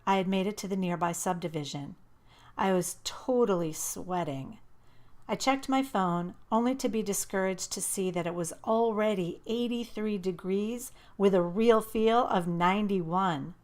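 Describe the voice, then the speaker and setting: A woman narrating a first-person audiobook in a lively, expressive way. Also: lowish voice.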